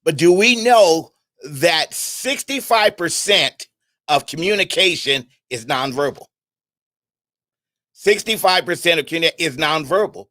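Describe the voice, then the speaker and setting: A middle-aged man giving an animated, preaching-style talk on an internet radio show, firing questions at his listeners and often repeating and restarting his words. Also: a little high, a little slow, no echo, clean studio sound. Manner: animated, conversational, asks the audience questions.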